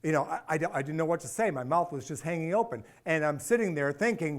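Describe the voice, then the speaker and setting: High-pitched guy giving a talk, acts out the voices, really animated. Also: fast talker, few pauses. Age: middle-aged. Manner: animated, acts out dialogue, repeats phrases for effect. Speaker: speaker and author. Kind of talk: personal storytelling talk.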